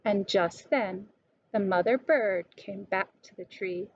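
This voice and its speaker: A woman slowly and deliberately reading a children's picture book aloud. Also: medium pitch, no room sound. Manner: slow, clear and deliberate. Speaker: storybook reader. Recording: dull lo-fi recording.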